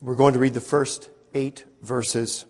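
A man with a raspy, hoarse voice from a cold, leading a church service, speaking slowly with many fillers and reading scripture in a declaiming tone. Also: mid-range voice, flat delivery, a little mellow. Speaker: pastor. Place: church sanctuary. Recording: long church reverb.

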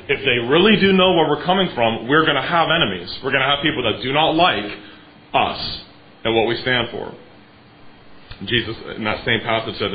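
A man preaching with earnest emphasis, often pausing to clear his throat. His voice sits at an ordinary middle pitch. The recording is a little dull and has a faint room ambience behind it. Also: slight background noise. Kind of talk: sermon.

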